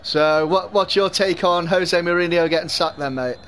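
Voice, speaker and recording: With a high-pitched, somewhat bright voice at a moderate pace, a young Liverpool, England, streamer with a mild Scouse accent commentates a football video game live. He trades chat with viewers and laughs often, and a little hiss or hum is audible.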